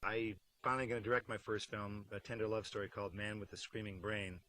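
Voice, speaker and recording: A middle-aged actor in a behind-the-scenes interview, joking wryly with deadpan asides. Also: male voice, lowish voice, fast, very noisy. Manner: acts out silly voices mid-story.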